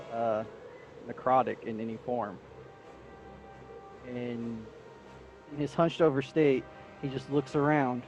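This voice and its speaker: A man playing a tabletop game, slowly and deliberately describing his character's actions. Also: medium pitch, darkish tone, muffled recording. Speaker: player. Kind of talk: tabletop role-play narration.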